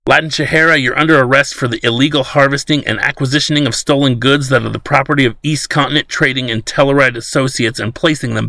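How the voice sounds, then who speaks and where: A man doing a gruff, robotic agent captain. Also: medium pitch, dry recording, studio quality, pitched above the performer's own voice. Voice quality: gruff monotone. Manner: cold, robotic. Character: stern male government agent captain.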